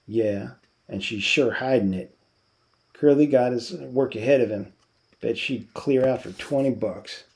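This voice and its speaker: A tough, brusque ranch hand of the road, voiced by a male reader in a storybook reading. His words come out blunt and clipped. The gravelly tone stays low and mellow. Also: unhurried, rough recording. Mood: gruff.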